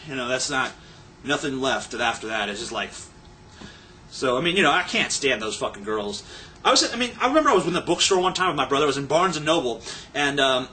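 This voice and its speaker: A man's voice: on the high side, expressive, quick pace, sharp tone, a little hiss or hum. A young man ranting to his camera in a rambling, sarcastic and crude casual way. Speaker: vlogger. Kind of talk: casual profane rant.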